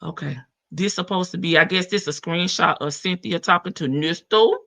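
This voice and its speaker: A woman's voice: on the low side, normal speed, vocal fry, pushed and bright. A woman hosting a casual live stream, chatting and laughing with her viewers in as she reads updates. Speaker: livestream host. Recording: dull lo-fi stream audio.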